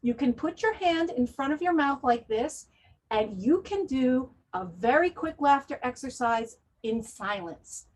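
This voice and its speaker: Female wellness presenter, slightly high voice, calm instructive delivery, guides breathing and laughter drills. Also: a little slow. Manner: leads breathing and forced laughter exercises.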